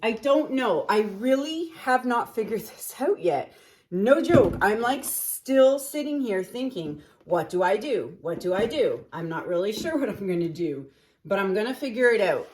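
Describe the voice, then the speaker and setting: A woman's voice: fairly high pitch, expressive, normal speed, darkish tone, slight background noise. Chatty woman painting and thinking aloud. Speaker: acrylic pour artist. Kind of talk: casual talk while painting.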